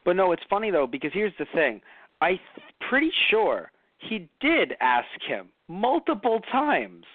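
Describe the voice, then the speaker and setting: A man co-hosting a casual review podcast, rambling and animated, cursing now and then. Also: high-pitched, a little slow, dry recording. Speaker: podcast co-host. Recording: tinny phone-like audio.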